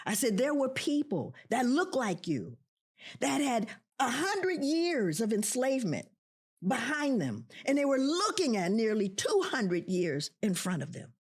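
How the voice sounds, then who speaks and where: Husky, animated middle-aged woman. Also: a little high, unhurried. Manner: impassioned, acts out quoted voices, repeats for emphasis. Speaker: professor of social work, guest. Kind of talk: emotional storytelling.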